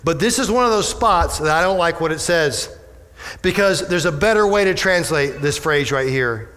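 A male pastor preaches with animated energy, tossing rhetorical questions to his congregation. His voice sits a little high for a man, and a long reverb trails each phrase through the sanctuary. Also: normal speed. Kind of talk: sermon. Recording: echoey hall with long reverb.

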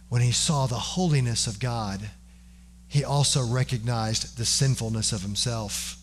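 A man preaching a sermon in an earnest way, explaining scripture with everyday examples and dramatic repetition. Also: medium pitch. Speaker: pastor.

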